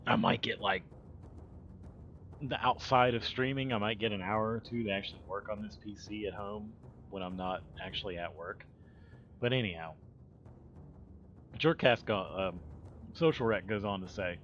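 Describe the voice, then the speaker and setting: A man's voice: lowish voice, fairly bright tone, a little hiss or hum. Rambling, profane male streamer. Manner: rambling, profane, trailing off mid-sentence. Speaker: livestreamer. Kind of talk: casual livestream chat. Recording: dull lo-fi stream audio with faint music.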